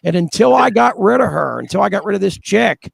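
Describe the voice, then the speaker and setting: A man's voice: high voice, lively intonation, fairly quick, creaky, husky, no room sound. A man chatting casually on a live stream, telling rambling, profane stories and laughing at himself. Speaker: livestream regular.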